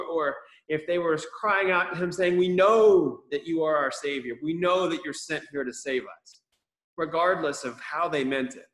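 Man, school chaplain, lively storytelling for kids, slightly high voice, echoey room. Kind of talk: children's chapel talk. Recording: roomy echo.

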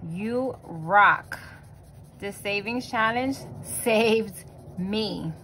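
A young adult woman and mother hosting a budgeting vlog, talking casually with lots of fillers and restarts, and quietly counting money under her breath. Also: mid-range voice, very slow, slight background noise, rough recording. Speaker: budgeting channel host.

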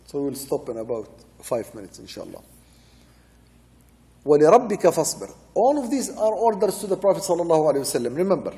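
In a fairly high, warm and mellow voice, a sheikh lectures on Quran commentary, reciting brief Arabic verses before explaining them in English and returning to his main points. A long reverb makes him sound as though he's in a large hall.

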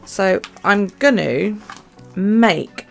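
A woman chatting casually about her journal and her chores, rambling with many pauses and ums. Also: mid-range voice, lively intonation, vocal fry, soft background music. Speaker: journaling vlogger. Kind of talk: casual chat.

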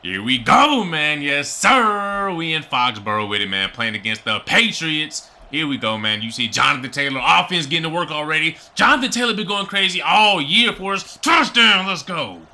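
A young man commentates his own football video game, hyping himself up and breaking into shouts and sing-song bragging. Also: on the high side, animated, normal speed, hardly any pauses, soft background music. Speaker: gaming YouTuber. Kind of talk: excited live game commentary.

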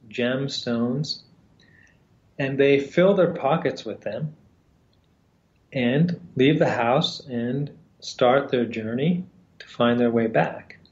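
A man retelling a fairy tale for a lesson, speaking in a slow, halting way with pauses and fillers. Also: medium pitch. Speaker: storyteller and teacher. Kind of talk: storytelling in a lesson. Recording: roomy, slightly dull sound.

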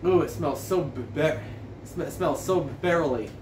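A man rambles through a long story, tripping over his words and swearing freely as he reviews a beer. His voice sits a bit higher than most men's. It sounds distant from the mic, in a roomy, echoing space. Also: moderate pace, background noise. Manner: rambling, stammering, profane storytelling. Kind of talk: casual rambling vlog. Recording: echoey room, distant from mic.

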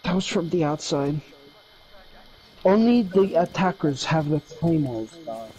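A young man on a headset, excitable and sweary, his pitch jumping around as he plays. Crowd noise from the game hums behind him, and his voice sits on the high side. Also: unhurried, low-quality recording. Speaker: gamer teammate. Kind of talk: casual game chat.

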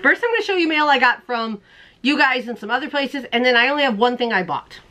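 A woman hosting a crochet show, chatting casually to the camera in a bubbly way, laughing often and putting on silly squeaky voices. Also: lively intonation, fast, bright, forceful tone. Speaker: crochet podcast host.

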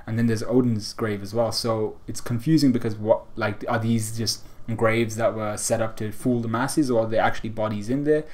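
Casual low-voiced young man rambling. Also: fairly even intonation, moderate pace, few pauses, a little mellow. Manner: casual, rambling recap with many fillers and restarts. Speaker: manga reviewer. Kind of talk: casual chapter review.

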